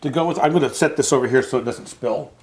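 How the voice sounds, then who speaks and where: A man's voice: mid-range voice, fast, a little mellow, a little hiss or hum. A middle-aged man co-hosting a homebrewing show in casual, jokey chat. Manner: jokey, playful, reminiscing.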